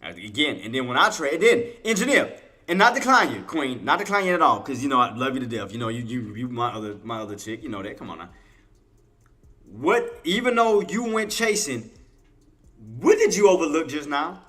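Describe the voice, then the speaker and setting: A man's voice: mid-range voice, big pitch swings, a little fast, bright, forceful tone. A man hosting a live trading stream, talking to his chat in a casual, colloquial way, repeating himself and quizzing viewers. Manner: casual colloquial speech, talks to chat as y'all. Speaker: trading livestream host. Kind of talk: live intraday trading commentary.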